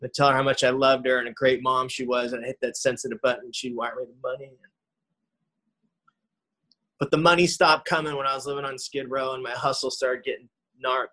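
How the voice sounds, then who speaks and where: A man's voice: mid-range voice, bright, forceful tone, low-quality recording. A man sharing his own recovery story in a conversational way, often adding "man" and "you know". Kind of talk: recovery talk testimony.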